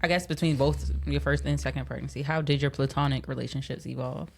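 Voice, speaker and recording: Low-voiced woman host asking questions. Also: steady tone, quick pace, gravelly, a little mellow, slight background noise. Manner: supportive, asks follow-up questions. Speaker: podcast host. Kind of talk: casual interview chat.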